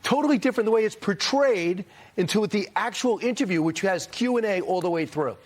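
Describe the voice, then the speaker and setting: A man co-hosting a TV news talk segment, speaking in a brisk, animated way. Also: high voice. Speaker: morning show co-host.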